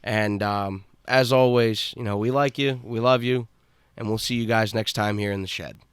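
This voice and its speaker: A man's voice: fairly low pitch, fairly even intonation, smooth, no echo, clean studio sound. Laid-back man hosting a podcast. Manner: laid-back, halting, many fillers. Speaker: podcast host. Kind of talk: casual podcast chat.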